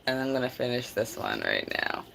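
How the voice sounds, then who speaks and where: A woman's voice: extremely low pitch, huge pitch swings, brisk, vocal fry, a bit bright. A woman hosting a casual livestream, chatting to viewers while she crafts, giggly and chatty. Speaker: livestream host.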